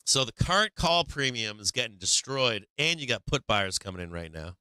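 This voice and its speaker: A man's voice: mid-range voice, expressive, normal speed, few pauses, pushed and bright, clear, resonant tone, no room sound, clean studio sound. A man hosting a casual live stream, swearing a lot, taunting and gleeful, sometimes breaking into a sing-song carnival barker call.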